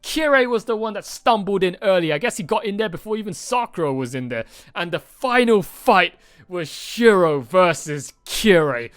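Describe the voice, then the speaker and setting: Excitable, rambling man reacting to a movie. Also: high-pitched, moderate pace, clear, resonant tone, no room sound, clean studio sound. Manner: excited, rambling, swears often, many restarts. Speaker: reaction channel host. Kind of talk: casual movie reaction chat.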